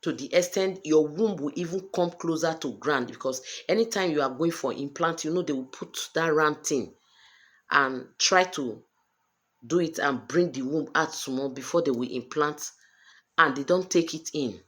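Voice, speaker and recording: A woman's voice: deep voice, moderate pace. A Nigerian woman in her thirties talking straight to camera in a personal vlog, speaking in an emphatic, earnest way and repeating her points. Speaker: vlogger sharing a personal story.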